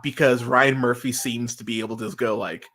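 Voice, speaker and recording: Bright, forceful man in casual podcast chat. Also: a little fast. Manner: animated, swears freely, voice jumps high when worked up. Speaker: podcast co-host reviewing a TV series.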